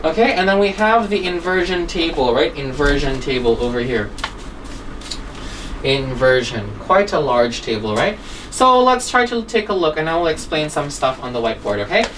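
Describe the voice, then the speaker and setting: A woman's voice: deep voice, expressive, normal speed, fairly bright tone, recorded from a distance, poor audio. Brief: female English teacher mid-lesson, chatty tag questions, mic set back from her with faint room hum. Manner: checks in constantly with "okay?" and "right?". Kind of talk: grammar lesson, explaining.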